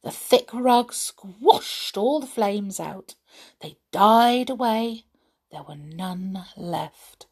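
A woman reading a children's story aloud, expressive, with dramatic gasps. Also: medium pitch, extremely slow, slightly rough.

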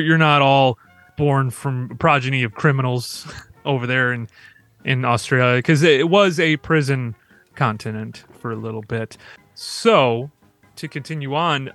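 A man co-hosting a podcast, telling stories quickly and casually with laughs and asides. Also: mid-range voice, a bit bright, no room sound. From Michigan. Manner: fast storytelling with laughs and asides. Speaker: podcast co-host.

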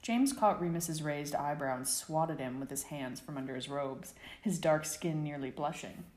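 Casting: woman narrator, deep voice, echoey room, steady audiobook read. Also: normal speed. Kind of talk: fan fiction reading.

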